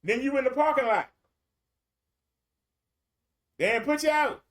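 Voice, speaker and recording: A man's voice: extremely high pitch, expressive, unhurried. A man preaching a streamed sermon in a colloquial, repetitive storytelling way.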